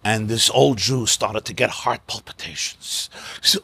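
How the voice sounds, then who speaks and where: A rabbi teaching a class on mystical texts in a synagogue, emphatic and animated, repeating words for stress and mixing in Hebrew and Yiddish terms. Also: male voice, fairly low pitch, measured pace, creaky, slightly rough, dry recording.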